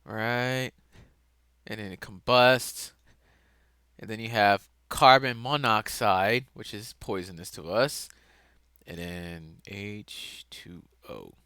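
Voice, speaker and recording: A man talks through a self-made lesson in a slow, unhurried way, his voice bright and forward. He wanders, second-guesses himself and now and then breaks out louder. The sound is close and dry, with no room around it. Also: lowish voice, clean tone, no echo. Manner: casual, self-correcting, laughs at own mistakes, sudden loud outbursts. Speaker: lesson presenter.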